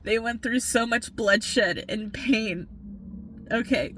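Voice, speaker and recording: A woman's voice: fairly high pitch, slow pace, fairly bright tone, slight background noise. A woman giving an impassioned spiritual pep talk as a reader, earnest and urging, repeating "okay?" and swearing for emphasis, tired from working all night.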